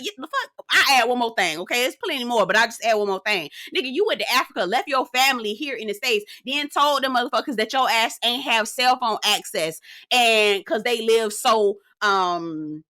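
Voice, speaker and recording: Young woman TV reviewer: bright, sharp tone, animated and profane, punchy repetition. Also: fairly high pitch, a little fast. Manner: animated, profane, emphatic repetition, laughs often. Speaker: TV show reviewer. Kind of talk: casual reality TV recap commentary.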